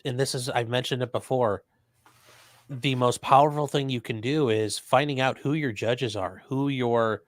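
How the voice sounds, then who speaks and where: Man, livestream host, casual chat, repeats words, reads super chats, dry close sound, mid pitch. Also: a bit bright, no echo.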